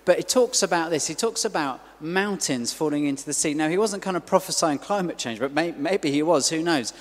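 Middle-aged man, slightly high voice, relaxed conversational preacher who keeps throwing out questions, long church reverb. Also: brisk. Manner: conversational, full of asides and rhetorical questions. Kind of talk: sermon.

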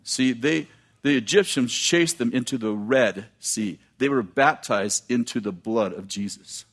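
Man, preacher, sermon, scripture reading, animated asides, mid pitch. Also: measured pace.

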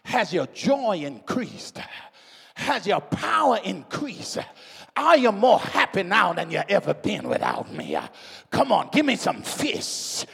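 A preacher with a husky, very high voice shouts his sermon in slow, drawn-out phrases. He talks with the congregation in call-and-response. His voice rings in the long reverb of a church hall. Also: wildly swooping pitch.

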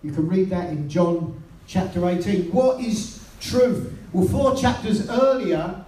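A British man preaching a sermon, telling the story and quoting scripture in a lowered voice. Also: lively intonation, unhurried, mellow. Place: church hall. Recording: roomy sound from a distance.

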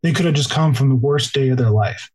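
A man's voice: mid-range voice, brisk, darkish tone, slightly rough, poor audio. A man who works in law enforcement, a podcast interview guest who explains earnestly and often repeats himself as he talks.

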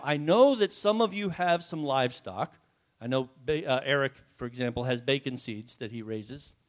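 A man preaching a sermon to his congregation in a folksy, joking way, often asking them questions. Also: on the high side. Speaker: pastor. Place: church before a congregation.

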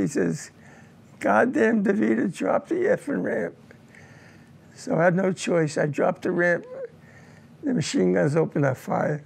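Gravelly-voiced older man recalling war. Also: a little high, a little mellow. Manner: halting, repeats words while telling a painful memory. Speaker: war veteran recounting combat. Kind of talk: oral history interview.

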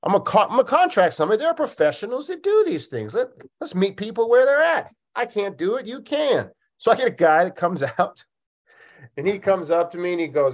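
A man's voice: high-pitched, brisk. A man hosting a podcast, telling a story in a casual, comedic way, laughing often and acting out the dialogue. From Oregon, United States. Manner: animated, laughing, acts out dialogue. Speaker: podcast host.

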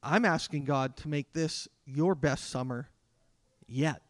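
A man delivering a sermon as a pastor, talking conversationally with dramatic pauses. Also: fairly high pitch, no echo, studio quality. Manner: conversational preaching with dramatic pauses and acted quotes.

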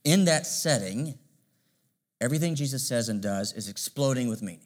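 A male pastor preaching a sermon, measured and emphatic, asking rhetorical questions. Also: medium pitch, expressive.

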